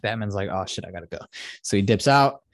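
A man's voice: on the low side, expressive, fast talker, no echo, clean studio sound. A man hosting a podcast, recapping a film in a casual, profane, rambling way and quoting the characters. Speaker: podcast host.

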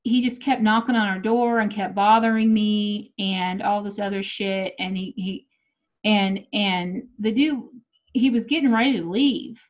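In muffled, lo-fi audio, a middle-aged woman recounts something that happened to her in a mid-range, unhurried voice. Profane and lively, she performs other people's lines as she goes.

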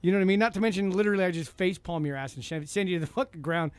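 A man, telling rideshare stories fast, laughing and swearing in casual chat. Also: high-pitched, clean tone. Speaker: rideshare driver.

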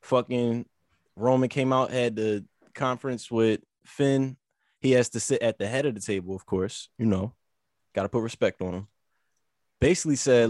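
Man, casual wrestling chat, animated storyteller, profane slang, dry close sound. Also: medium pitch, moderate pace, no echo. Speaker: podcast co-host.

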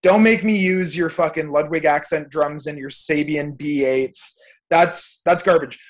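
A man's voice: on the high side, unhurried. A young man, a music producer, ranting emphatically and swearing freely as a guest on a podcast. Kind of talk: casual podcast chat.

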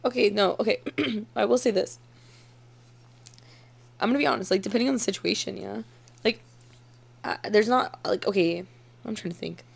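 Giggly, gravelly young woman podcaster. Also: mid-range voice, normal speed, long pauses. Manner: profane, giggly, rambling storyteller. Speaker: podcast co-host. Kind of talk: casual chat.

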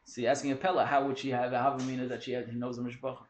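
A man teaching a lively text study class, quick and animated, mixing in Hebrew and Yiddish terms. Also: medium pitch, roomy sound, a little hiss or hum.

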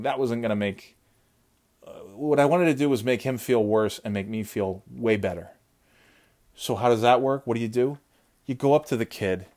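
A man telling a comic story in a lively, mocking manner, swearing often. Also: mid-range voice. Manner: animated, swears a lot, mocking. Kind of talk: profane comedic storytelling.

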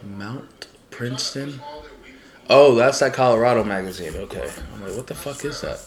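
Young man, podcast co-host, mid-pitched, profane and teasing. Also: moderate pace. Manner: profane, joking trash talk. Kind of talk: casual chat.

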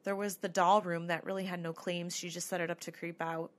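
A woman's voice: fairly low pitch, little pitch movement, fairly quick. A woman co-hosting a podcast, telling a ghost-hunt story in a chatty way, with lots of fillers and laughs. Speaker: podcast co-host. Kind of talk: casual chat.

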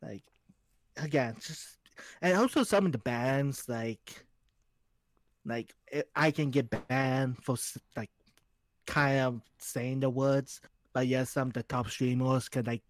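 A man's voice: mid-range voice, slow, no echo. A man guesting on a casual podcast, talking bluntly and swearing often about things that annoy him. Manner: blunt, profane and exasperated. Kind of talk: casual chat.

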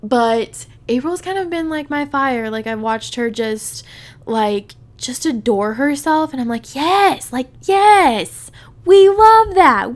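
Woman podcast host, higher-pitched, casual solo chat, effusive and swearing freely. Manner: gushing, profane, peppered with "like".

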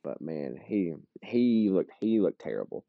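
A man's voice: deep voice, sing-song, a little slow, gravelly, no echo. A man, co-hosting a podcast and telling a story in a rambling way, stumbling and restarting his words. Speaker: podcast co-host. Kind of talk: casual storytelling chat. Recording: dull lo-fi podcast audio.

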